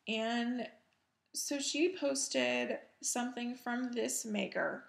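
Slow-talking woman with a gravelly edge. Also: fairly high pitch. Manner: chatty and self-deprecating, with soft laughs. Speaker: cross-stitch video host. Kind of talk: casual show-and-tell chat.

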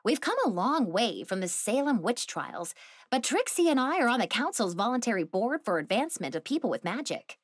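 Woman doing a calm auntie witch, soothing, calls everyone darling, bouncy lilt. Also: fairly high pitch, brisk, no echo, clean studio sound, pitched above the performer's own voice. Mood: patient. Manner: soothing, endearments. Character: calm, doting older aunt witch.

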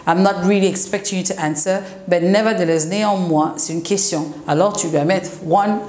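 A woman English teacher giving a relaxed, conversational classroom lesson, mixing in French explanations. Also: fairly low pitch, brisk. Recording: echoey room, faint noise.

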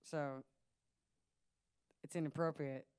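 A woman's voice: low voice, steady tone, takes it slowly, darkish tone, clear, resonant tone. A woman in her late twenties chatting casually from the stage of a small music venue, telling a rambling story with plenty of laughs. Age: late 20s. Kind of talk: casual stage banter at a live show.

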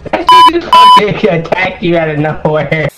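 A man's voice: high voice, huge pitch swings, moderate pace. Laughing, swearing gaming streamer, man. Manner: laughs constantly, profane and playful. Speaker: streamer host. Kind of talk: casual gaming chat. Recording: echoey room, loud game music.

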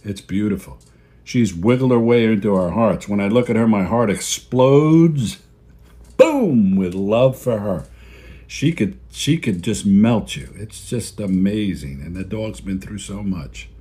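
A fairly low-voiced man preaching to his church in a plain, folksy way. He repeats his key phrases for weight and talks like he's chatting with his flock. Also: measured pace, warm tone. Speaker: pastor. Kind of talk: sermon. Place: church video service.

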